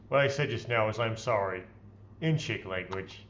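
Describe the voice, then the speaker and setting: A man's voice: on the low side, normal speed, a bit bright, muffled recording, slight background noise. A man hosting a let's play, reading visual novel text aloud in a playfully theatrical way and adding his own comments.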